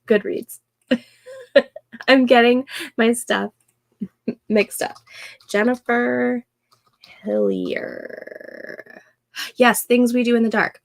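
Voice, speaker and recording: A young woman hosting a casual co-working livestream, thinking aloud and reading chat comments in a soft, soothing voice. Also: medium pitch, creaky, dry recording. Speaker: livestream host.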